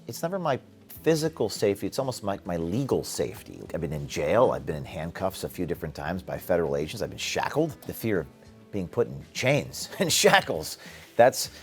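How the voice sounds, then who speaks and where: A man from the United States answering rapid interview questions bluntly and with emphasis, now and then breaking into short laughs. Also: low voice, sing-song, faint music behind. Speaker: interview guest, activist. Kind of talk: quick-fire interview answers.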